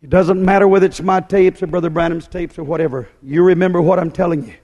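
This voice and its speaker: Guy preaching hard in a church hall, high voice, hammers every point over and over, long echo. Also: fairly even intonation, fast talker, a little mellow, highs cut off. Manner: emphatic, repetitive, hammering delivery. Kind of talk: fiery sermon.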